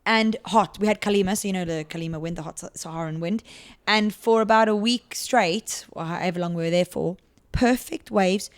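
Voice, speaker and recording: Young woman guest, casual and playful, quick to laugh. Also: medium pitch. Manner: playful, laughs often, jokey. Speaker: podcast guest, surf trainer and presenter. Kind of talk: casual chat.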